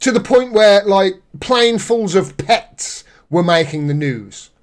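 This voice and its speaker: A man's voice: sits high, animated, measured pace. A man hosting a live political commentary stream, reading news aloud and reacting with indignant sarcasm.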